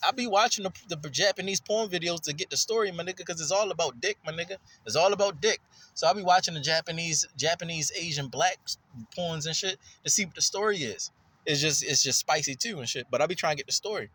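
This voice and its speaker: A man's voice: fast, slightly rough. A man rambling loosely through a casual, profane monologue, his voice jumping up when he gets worked up. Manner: loose and profane, jumps in pitch when excited. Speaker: vlogger.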